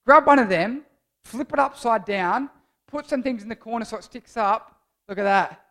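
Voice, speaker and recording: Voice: medium pitch, normal speed, pushed and bright. A young adult giving a casual, jokey youth sermon as a church speaker, rambling and playful.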